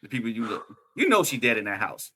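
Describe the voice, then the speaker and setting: A young man co-hosting a casual podcast chat, excitable and slangy, laughing often and saying "bruh" a lot. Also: mid-range voice, fast talker, husky. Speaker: podcast co-host.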